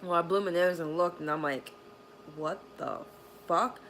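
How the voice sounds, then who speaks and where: A woman's voice: on the low side, normal speed, slight background noise, low-quality recording. A woman vlogging at home in a bedroom, telling a rambling, profane story full of fillers. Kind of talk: casual storytime vlog.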